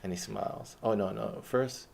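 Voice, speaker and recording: A man's voice: lowish voice, moderate pace, creaky, darkish tone. A man telling a personal story in a blunt, rambling way, retelling conversations as he goes.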